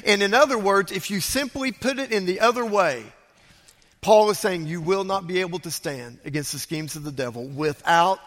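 A man preaching a sermon as a pastor, emphatic, swinging between loud urging and hushed, quiet lines. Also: high-pitched, normal speed, big-room sound.

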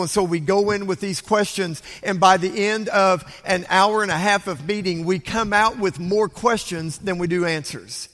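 An older man preaching a Sunday sermon as pastor, telling stories with hushed whispers and sudden loud bursts. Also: high-pitched, moderate pace, hardly any pauses. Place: church sanctuary. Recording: long hall reverb.

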